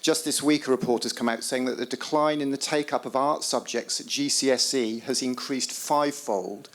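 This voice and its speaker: A man in the audience asks a question at a conference. He speaks in a direct, prepared way. His pitch sits in the middle for a man. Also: normal speed, fairly bright tone. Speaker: audience member asking a question. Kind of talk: question from the floor.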